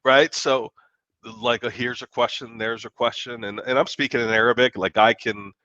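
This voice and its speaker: A man, a guest author from the United States, telling a story in a podcast interview with lively, profane, acted-out quotes. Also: mid-range voice, normal speed, dry recording, lo-fi sound.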